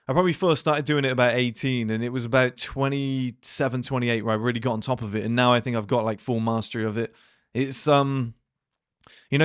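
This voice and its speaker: A man's voice: mid-range voice, a bit bright, dry recording, studio quality. A man in his thirties giving a casual motivational talk to his viewers, blunt and rambling, with plenty of swearing and fillers. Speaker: channel host.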